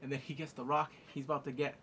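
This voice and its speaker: With a medium-pitched voice and a quick pace, a TV show reviewer casually runs through an episode, cursing, laughing, and performing scenes with sound effects. His manner is excitable and profane, and there's a little hiss or hum in the recording.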